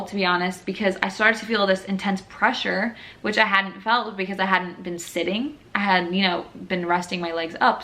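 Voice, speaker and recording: A woman's voice: lowish voice, pushed and bright. A young woman telling her own birth story in a frank, casual, chatty way. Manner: candid, frank, chatty with many fillers.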